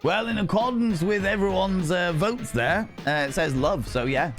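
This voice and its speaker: A young man streaming a game, talking in an excitable, sweary, rambling way. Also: high-pitched, normal speed, over music. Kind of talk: casual game commentary.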